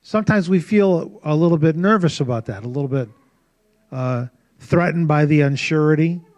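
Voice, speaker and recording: A man with a slightly high voice speaks calmly as the host, picking up his guest's point and restating it. The sound is dry and close. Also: normal speed, dry recording. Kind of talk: reflective interview talk.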